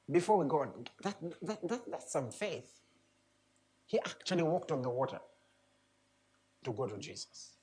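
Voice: medium pitch, darkish tone. A preacher giving a sermon, reading scripture aloud and then commenting on it with emphatic, repeated rhetorical questions.

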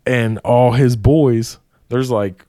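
A man's voice: mid-range voice, slow, no room sound. Male storyteller, casual, salty language, dry close sound. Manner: profane, animated storytelling with frequent swearing.

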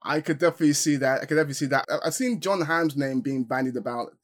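A man co-hosting a film podcast, talking as an eager, animated fan who is excited about upcoming films. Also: on the high side, very fast. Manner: enthusiastic, animated fan gushing. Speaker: podcast co-host. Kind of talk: casual film podcast chat.

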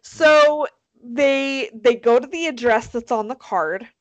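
A woman hosting a casual podcast chat, animated and swearing freely, with lots of fillers. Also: high-pitched, slow pace, no echo. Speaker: podcast host.

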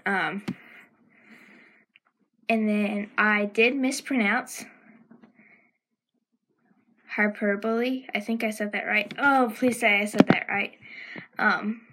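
Southern american woman hosting a casual lesson podcast, slow and hesitant, lots of ums. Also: medium pitch, fairly even intonation, a bit bright, husky, low-quality recording. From Southern United States. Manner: hesitant, many ums, self-correcting. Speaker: podcast host. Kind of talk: informal educational correction.

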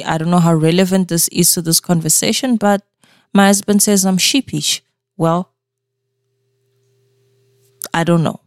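A woman hosting a podcast, telling a personal story in a candid, animated way, with many restarts. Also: on the low side, vocal fry, no echo, studio quality. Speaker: podcast host.

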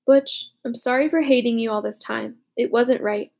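A woman's voice: fairly high pitch, steady tone, moderate pace, creaky, a little mellow. A woman voicing an earnest, anxious young boy caught up in a war, in an audiobook.

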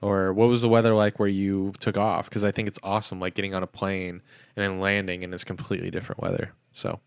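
A low-pitched man with a gravelly edge co-hosts a podcast. He rambles on and keeps saying "like" in a loose, casual way. The sound is dry and close to the mic. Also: level tone, fast, no room sound. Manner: rambling, chatty, hedges with "like". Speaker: podcast co-host.

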